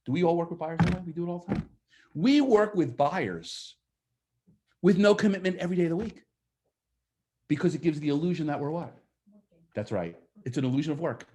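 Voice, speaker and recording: A man in the middle of a live seminar, talking in a fairly high voice that swings up and down as he makes his points. He throws questions at the room and slips into the voices of the clients he quotes. His delivery is energetic and full of push. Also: fast, pauses often. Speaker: real estate sales trainer. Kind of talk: live seminar talk to an audience.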